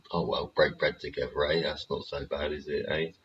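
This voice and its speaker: A man's voice: a bass voice, little pitch movement, a little slow, a bit bright, a little hiss or hum. A man hosting his show in a casual, rambling rant, swearing freely and tossing in tag questions. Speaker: show host. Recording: dull lo-fi recording.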